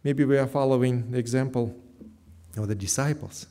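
A man's voice: mid-range voice, normal speed, warm tone. A man preaching a sermon as pastor, earnest, repeating his key phrases with slightly non-native grammar. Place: church.

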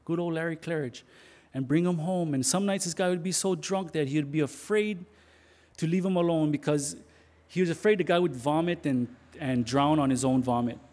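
A man preacher telling a story in his sermon, halting now and then and repeating words. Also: a little high, darkish tone.

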